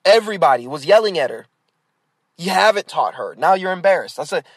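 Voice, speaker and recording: A man's voice: a little high, big pitch swings, fairly quick, slightly rough, no echo. A man hosting a podcast, delivering a blunt, exasperated rant full of fillers and restarts. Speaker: podcast host. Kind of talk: ranting monologue.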